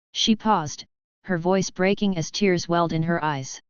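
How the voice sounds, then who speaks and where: Very smooth woman reading a story. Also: lowish voice, a little slow, no echo, lo-fi sound. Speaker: story reader. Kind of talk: fan fiction narration.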